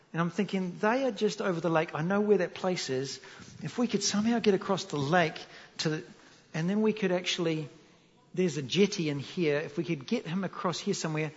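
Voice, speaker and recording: A man from New Zealand with a New Zealand accent, preaching a sermon as a pastor in a joking storytelling manner and putting questions to the audience. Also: on the high side. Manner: animated, jokey, asks the audience questions. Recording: echoey hall, dull lo-fi sound.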